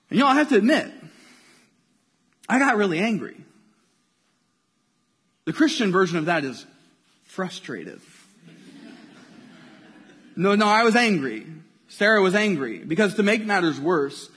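A man preaching a sermon, animated storytelling that swings from loud to hushed. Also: high voice. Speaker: pastor. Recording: long reverb of a large hall.

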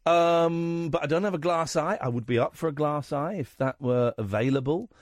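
A man hosting a radio phone-in, self-deprecating and rambling, with quick jokey asides. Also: a little high, dry recording, clean studio sound. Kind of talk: late-night phone-in chat. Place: radio studio.

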